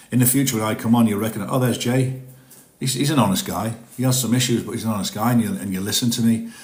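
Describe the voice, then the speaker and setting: A man's voice: fairly low pitch, roomy sound. A middle-aged man, chatting candidly and rambling a bit as he hosts a live stream and reads out viewer messages. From northeast England. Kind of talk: casual live-stream chat.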